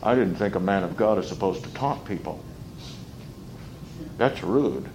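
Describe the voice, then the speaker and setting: A man delivers an expository sermon, his voice on the low side, against a noisy background. He drops to a quiet tone, then grows loud and mocking as he performs the taunts he's quoting.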